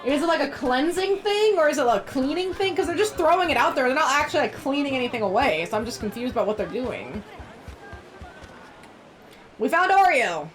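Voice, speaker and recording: A woman's voice: sits high, very animated, fairly quick, faint music behind. A woman streamer chatting playfully while she plays a game and reads its text aloud. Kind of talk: casual gameplay commentary.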